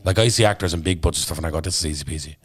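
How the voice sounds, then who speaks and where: A man's voice: a bass voice, racing, slightly rough. A man with an Irish Traveller accent, a podcast guest and actor, telling stories in blunt, sweary casual chat. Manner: blunt, sweary, animated storytelling.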